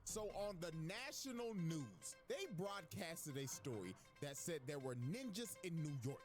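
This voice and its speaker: A man's voice: on the high side, unhurried. Man roasting a cartoon over music. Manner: crude, deadpan roasting. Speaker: recap narrator. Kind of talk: comedic recap narration.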